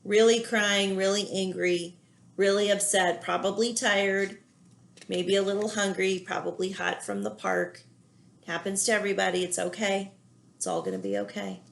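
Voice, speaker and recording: A woman teacher reads a children's picture book aloud at a steady middle pitch. She stops often to talk young listeners through the story's feelings in a soft, reassuring way. Her tone is patient and kind throughout. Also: normal speed, creaky. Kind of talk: children's read-aloud with commentary.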